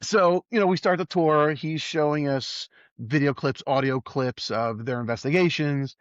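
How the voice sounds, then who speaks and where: His voice sits on the high side and moves at a moderate pace as this middle-aged EMS worker, a guest on a podcast, narrates a story casually. Animated, he voices the quoted people himself. The sound is close, dull and dry.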